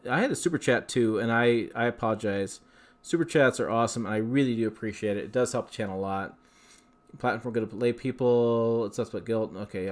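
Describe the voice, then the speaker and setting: A man hosting a casual livestream, reading viewer questions and answering them in a rambling, chatty way. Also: medium pitch. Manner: rambling, chatty, with frequent fillers and restarts. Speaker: livestream host.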